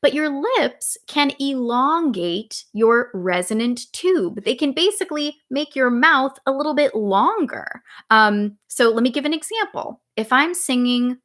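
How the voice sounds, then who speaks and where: A woman singing coach gives a live online lesson, explaining things in a relaxed way and breaking into sung vowels to demonstrate. Her voice is high, unhurried, and has few pauses.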